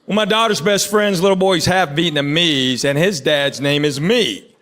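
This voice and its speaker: A man's voice: a little high, moderate pace. A man, doing a stand-up routine with dry, teasing crowd work. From East Tennessee, US. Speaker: stand-up comedian. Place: large comedy venue, on stage. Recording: roomy live hall with loud crowd laughter.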